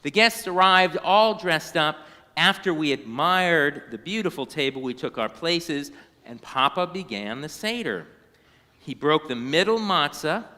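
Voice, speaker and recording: A man reading a children's storybook aloud in a synagogue, animated and now and then singing short phrases. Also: fairly high pitch, in a large hall. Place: synagogue sanctuary.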